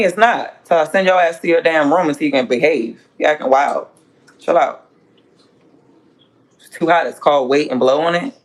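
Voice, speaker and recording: A woman's voice: deep voice, vocal fry, noisy background. A woman cooking while she chats to her stream, talking bluntly, cussing freely and rambling. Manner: blunt and profane, scolding and rambling. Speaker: home cook and food vlogger. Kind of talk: casual livestream chat while cooking.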